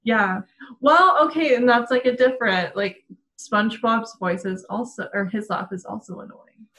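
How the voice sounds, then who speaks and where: A woman's voice: a little high, moderate pace, fairly bright tone, poor audio. A woman in casual chat, giggling often and talking with lots of fillers. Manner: giggly, chatty, many fillers.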